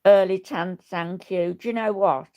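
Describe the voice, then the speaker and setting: Woman, 70s, livestream host; low gravelly voice, blunt rambling chatter. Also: steady tone, a little slow, highs cut off. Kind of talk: casual livestream chat, reading viewer comments.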